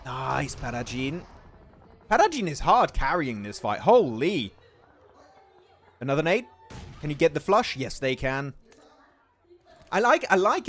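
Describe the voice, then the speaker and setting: Young man, esports stream commentary, animated voice, slightly high, excitable, chats with viewers. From England. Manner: excitable, reads chat aloud. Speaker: esports caster. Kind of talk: casual livestream commentary.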